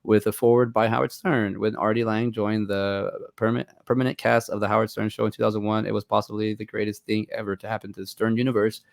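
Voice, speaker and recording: A man from Mexico co-hosting a casual movie podcast, rambling and animated, often acting out quoted voices. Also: on the low side, fast, vocal fry, hardly any pauses, no echo, clean studio sound. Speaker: podcast co-host.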